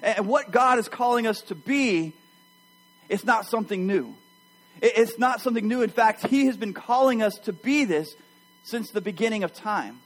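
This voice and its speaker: Male pastor, higher-pitched voice, animated sermon storytelling aimed at the congregation. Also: moderate pace, poor audio.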